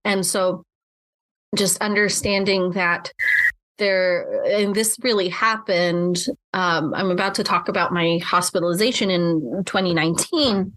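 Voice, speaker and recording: A woman's voice: on the low side, steady tone, unhurried, a bit bright. A woman co-hosting a podcast as a mental health clinician, talking through experiences reflectively with many restarts. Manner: reflective, with frequent restarts and fillers. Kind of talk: casual podcast chat.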